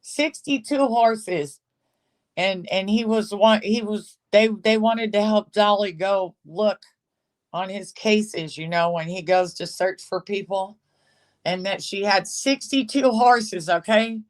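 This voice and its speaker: Slow, gossipy, sarcastic livestream host. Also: mid-range voice, steady tone. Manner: gossipy, sarcastic, laughs often, greets commenters. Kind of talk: casual gossip commentary, reading chat.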